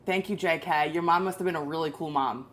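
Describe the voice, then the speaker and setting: A woman's voice: low-pitched, fast, fairly bright tone. A woman hosting a casual live cooking stream, chatting with viewers and explaining recipes in a rambling, friendly way. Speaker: cooking show host.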